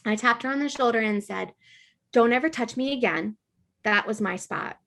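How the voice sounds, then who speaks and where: Animated woman telling a story. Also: a little high, moderate pace. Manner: animated, lots of filler words. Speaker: podcast guest. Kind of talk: casual storytelling.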